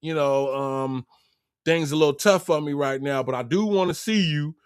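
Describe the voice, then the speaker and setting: A man's voice: on the high side, normal speed, smooth, no room sound, clean studio sound. A middle-aged man hosting a casual livestream, preaching in street talk and acting out both sides of a conversation. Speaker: livestream host.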